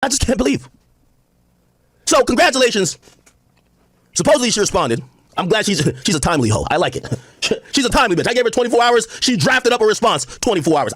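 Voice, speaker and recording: A man talks to his chat in a high, animated voice that rushes along. He mocks and swears, laughing between lines, and he says he is drunk. The sound is dry and close. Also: no room sound. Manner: profane, mocking, laughing. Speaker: livestreamer. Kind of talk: drunk rant on a livestream.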